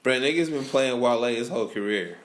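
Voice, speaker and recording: A man's voice: medium pitch, expressive, a little fast, noisy background. A young man hosting a podcast, chatting casually in a laid-back, slangy way and laughing often. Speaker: podcast host. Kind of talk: casual chat.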